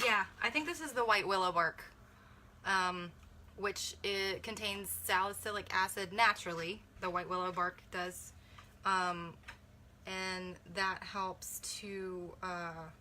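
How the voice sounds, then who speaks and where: A woman's voice: on the low side, pushed and bright, slight background noise. A young woman, a mother, chatting casually through a beauty kit unboxing, thinking aloud and correcting herself as she reads viewer comments.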